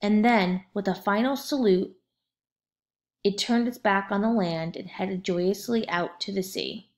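A woman narrating a children's storybook aloud in a steady, expressive way. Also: mid-range voice, a little slow.

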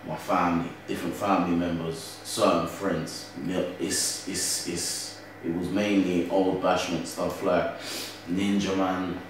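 Echoey young London man, animated talk. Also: low-pitched, a little slow, noisy background. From Britain. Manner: animated, keeps asking "you get what I'm saying?". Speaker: grime MC guest. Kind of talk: casual interview chat. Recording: roomy echo from a distant mic.

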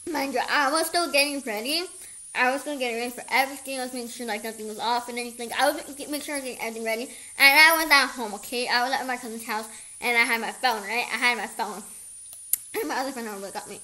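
A woman telling a personal story in a casual storytime vlog, animated, swearing a lot and repeating herself. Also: on the high side, fast talker, rough recording. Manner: profane, animated, repetitive retelling. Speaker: storyteller vlogger.

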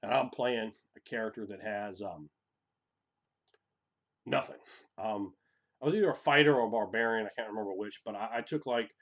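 A man hosting a tabletop role-playing channel, talking in a profane, animated monologue that swings from loud bursts to hushed whispers. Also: fairly low pitch, moderate pace, pauses often. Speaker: tabletop RPG channel host. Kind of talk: excited casual monologue.

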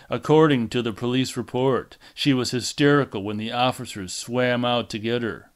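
A man reading a fan-made audiobook in a measured, deliberate way. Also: mid-range voice. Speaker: audiobook reader. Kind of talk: amateur audiobook narration.

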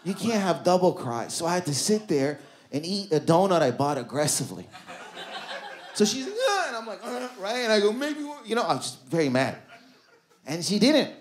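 A man in his thirties doing a stand-up comedy set in a club, loose and conversational, throwing quick asides to the crowd. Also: high-pitched, big pitch swings. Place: comedy club stage before a live audience.

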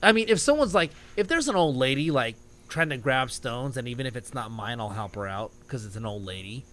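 A man with a medium-pitched voice co-hosts a podcast, speaking fairly quickly in casual chat. He's an animated storyteller who laughs at his own stories as he goes.

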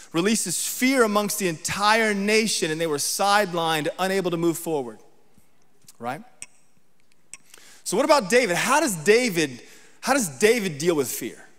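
Male guest preacher, slightly high voice, chatty sermon delivery, long hall reverb. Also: animated, moderate pace, a bit bright. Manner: conversational, checks in with the congregation often; reads scripture aloud with emphasis.

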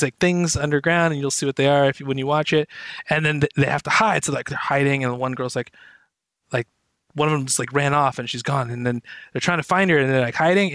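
A man chatting on a gaming podcast, telling stories with lots of energy and frequent laughter. His voice sits a little high, and the recording is close and dry, with no room sound. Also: no room sound. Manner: animated storyteller, laughs often. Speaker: podcast co-host. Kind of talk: casual chat.

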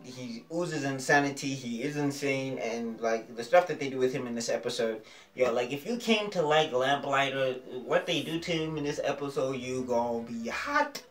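A man casually reviewing a TV episode in a vlog, excitable and slangy, often repeating phrases. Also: mid-range voice, normal speed. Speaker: TV show reviewer. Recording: roomy echo, distant mic, faint music.

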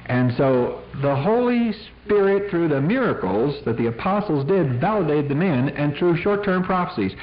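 A man giving an informal teaching talk on apologetics, telling Bible stories in a folksy way with acted-out voices. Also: fairly high pitch. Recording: dull 1980s tape recording.

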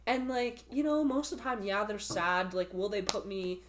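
A woman in her twenties from Canada chats as a podcast guest at normal speed, her medium-pitched voice lively in intonation, with slight background noise. She's giggly and rambling, her casual talk dotted with laughs and fillers.

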